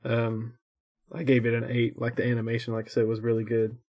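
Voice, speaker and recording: Young guy co-hosting, chatty and rambly, laughs a lot, mid-pitched voice. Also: completely flat delivery, brisk, a little mellow. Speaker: co-host. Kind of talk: casual chat reviewing shows.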